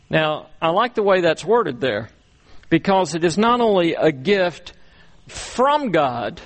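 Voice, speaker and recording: A man delivering a sermon at an unhurried, measured pace, pausing often and repeating words for emphasis. His voice sits slightly higher than most men's. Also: very animated. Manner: slow, deliberate preaching with many pauses and repeated words. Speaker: pastor.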